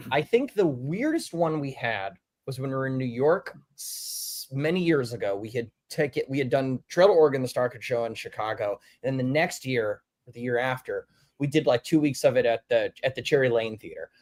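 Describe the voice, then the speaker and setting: A man casually telling a story in a group chat, acting out quoted lines with big swings in voice. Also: normal speed. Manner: animated, acts out quotes with big pitch swings.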